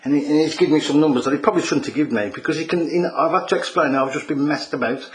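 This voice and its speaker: A man's voice: fairly high pitch, very fast. A man making an irate, repetitive phone complaint as a customer, calling the agent mate.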